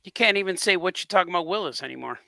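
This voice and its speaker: Gravelly, bright podcast man. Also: high voice, lively intonation, no echo. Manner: agreeable, quick interjections. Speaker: podcast co-host. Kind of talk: casual chat.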